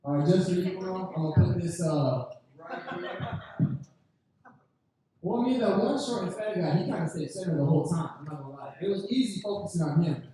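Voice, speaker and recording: A man's voice: sits high, expressive, fairly quick, warm tone, a little hiss or hum. A young man doing a rambling, profane stand-up story at an open mic, heard from a distant camera in a lounge. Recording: very echoey room from far off.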